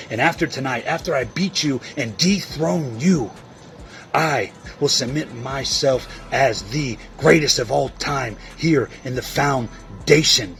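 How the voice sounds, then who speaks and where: A man at an everyday middle pitch cuts a wrestling promo, boasting and taunting his rival with a steady stream of insults. Music sits faintly underneath his voice. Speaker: online wrestling league competitor. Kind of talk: trash-talking wrestling promo.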